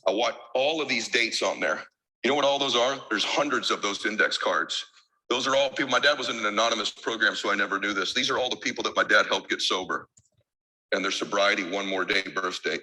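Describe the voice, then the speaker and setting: A man's voice: on the low side, a little fast, bright, forceful tone, low-quality recording. A man giving an emotional keynote speech as a motivational speaker, emphatic and driven by insistent repetition.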